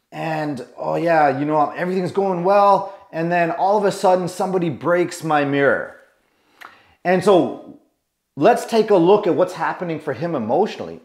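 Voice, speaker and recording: Male coach, somewhat high voice, emphatic and repetitive, rhetorical questions, echoey room. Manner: emphatic, repeats himself, asks rhetorical questions. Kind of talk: motivational lesson to camera.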